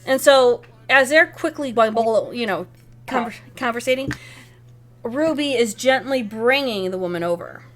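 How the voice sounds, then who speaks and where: With a fairly high voice and an unhurried delivery, this woman runs a tabletop RPG as game master. Her narration of each scene is lively and full of description, with frequent self-corrections along the way.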